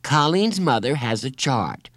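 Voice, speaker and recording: A man's voice: medium pitch, sing-song, measured pace, fairly bright tone, dry recording, studio quality, pitched above the performer's own voice. A man voicing Judy, an insistent, bossy young girl in a children's storybook who keeps cutting in. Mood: bossy, eager. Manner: insistent, talks over her friend.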